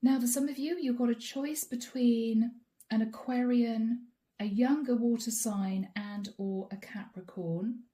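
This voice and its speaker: A chatty woman doing a tarot reading straight to camera, her voice a touch high yet mellow and warm. She laughs easily and slips into the worried inner voice of the listener she is reading for. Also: fairly even intonation, measured pace. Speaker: tarot reader.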